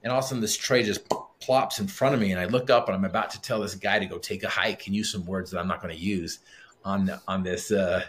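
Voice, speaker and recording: A man's voice: deep voice, fairly even intonation, fast, slight background noise. A middle-aged man, a podcast guest, telling a personal story in a conversational way and acting out the dialogue. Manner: vivid storyteller who acts out quoted dialogue.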